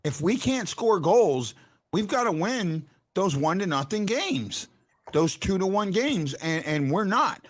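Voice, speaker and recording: A high-pitched, very animated man speaks in an unhurried way while hosting a casual postgame sports talk show. He restarts sentences with stammers and turns emphatic when he argues a point.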